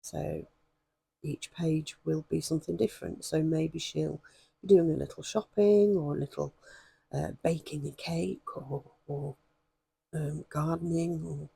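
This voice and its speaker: A woman with a hoarse voice, chatting and rambling with many ums as she demonstrates stitching in a craft vlog. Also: low-pitched, measured pace, pauses often, warm tone, no room sound. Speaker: craft vlogger.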